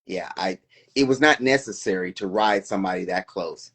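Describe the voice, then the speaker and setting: This middle-aged man co-hosts a relaxed live-stream chat in a low-pitched, husky, fairly bright voice at a moderate pace. He comes across as reflective and sincere, turning questions back on himself.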